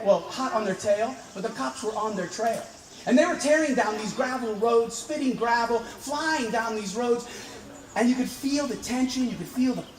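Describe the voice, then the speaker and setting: A man telling a personal dream story to an audience outdoors, building vivid excitement and sometimes breaking into laughter. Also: very high voice. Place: outdoors on a hill. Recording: distant, echoey outdoor recording with background noise.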